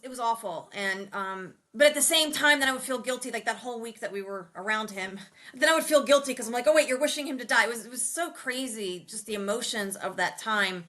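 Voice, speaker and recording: Bright-voiced woman hosting a chat. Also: fairly high pitch, brisk. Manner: emotional, laughs often, lively storytelling. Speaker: podcast host. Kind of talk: casual chat.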